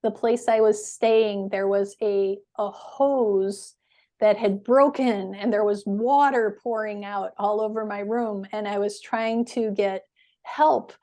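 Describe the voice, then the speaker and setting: A woman teaching English in a webinar, explaining words slowly and patiently with clear stress. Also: mid-range voice, steady tone, dark tone.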